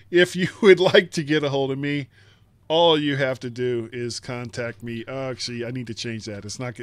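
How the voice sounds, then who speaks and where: A man's voice: mid-range voice, no room sound. A man hosting a casual tech podcast, chatty and self-deprecating, laughing often. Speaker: podcast host. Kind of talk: casual chat.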